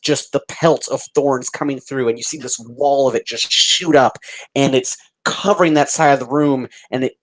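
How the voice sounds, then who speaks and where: A man's voice: medium pitch, moderate pace, rough recording. A man narrating as dungeon master, describing the scene vividly and rambling with fillers. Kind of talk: narrating a tabletop game.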